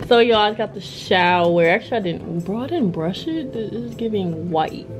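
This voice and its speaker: A young woman chats straight into her phone or camera at home, easygoing and full of slang, often stopping mid-sentence to start again. Her pitch sits in a middle range for a woman. Music plays clearly in the background. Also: animated, normal speed. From United States. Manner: chatty, slangy, self-interrupting. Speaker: vlogger. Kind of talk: casual vlog chat. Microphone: camera or phone mic. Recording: music playing behind.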